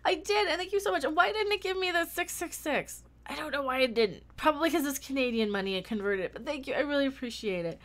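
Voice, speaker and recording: Slightly high-voiced woman chatting on her livestream, thanks everyone, restarts sentences a lot. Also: lively intonation, fast, hardly any pauses. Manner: chatty, thanks viewers warmly, frequent restarts. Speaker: YouTube channel host. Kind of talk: casual livestream chat.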